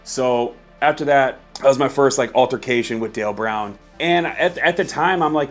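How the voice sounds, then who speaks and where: A man's voice: medium pitch, moderate pace, few pauses, soft background music. A man casually telling a story from his old job to camera, candid and often profane. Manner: candid, profane, laid-back.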